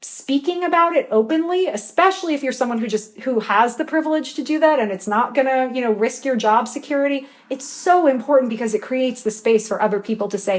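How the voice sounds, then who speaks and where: A woman author being interviewed as a guest, talking in an earnest, passionate way. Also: sits high. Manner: earnest, passionate, quick to emotion. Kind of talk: interview conversation.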